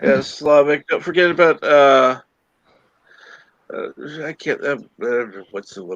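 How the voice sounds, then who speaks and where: A man's voice: on the high side, a little slow, a bit bright, no room sound, dull audio. A man hosting a casual group livestream chat, hesitant and flustered, with many fillers. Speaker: livestream host.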